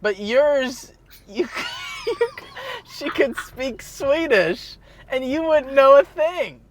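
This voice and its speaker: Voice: sits high, wildly swooping pitch, slow, a little hiss or hum. A podcast co-host chatting casually, who comes in eagerly with comments and laughs a lot.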